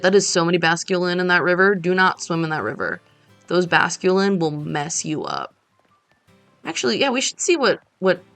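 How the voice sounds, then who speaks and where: A woman with a slightly low voice chats loosely while she plays, drifting from joke to aside and talking straight to her viewers. Faint game music runs under her voice. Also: a bit bright, dry recording. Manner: rambling, jokey, talks to chat. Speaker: streamer. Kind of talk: casual gameplay chat.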